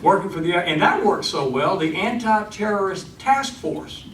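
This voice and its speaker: A man's voice: high-pitched, expressive, normal speed, noisy background. A man voicing a boastful talking male dog who tells tall tales in a matter-of-fact way. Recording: echoey live room, far mic.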